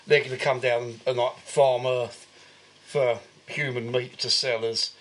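A man's voice: mid-range voice, steady tone, unhurried, fairly bright tone, slight background noise. A man co-hosting a podcast, giving a rambling, filler-heavy recap of a film in casual chat. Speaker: podcast co-host.

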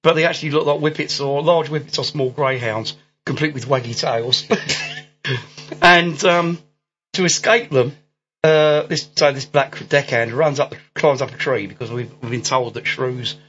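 A man's voice: medium pitch, unhurried, a bit bright. A man, hosting a podcast, who recaps a movie plot in a rambling, laughing way full of ums and restarts. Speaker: podcast host. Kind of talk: casual movie-recap chat. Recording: dull lo-fi audio with faint music.

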